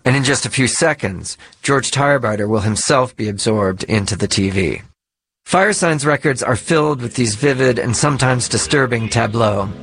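A man narrating a documentary in a measured, explanatory way. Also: mid-range voice.

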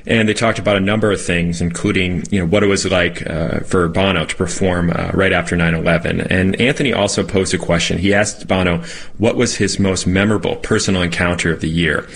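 Man, very deep voice, gravelly, casual podcast host, light music underneath. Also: fairly even intonation, a little fast, a little hiss or hum. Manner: casual, filler-heavy delivery. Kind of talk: podcast introduction.

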